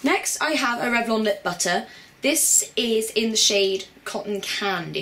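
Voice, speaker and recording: A woman's voice: a little high, animated, moderate pace, fairly bright tone. Bubbly young woman vlogger. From Britain. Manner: bubbly and chatty, with playful put-on voices. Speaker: beauty vlogger. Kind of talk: casual chat.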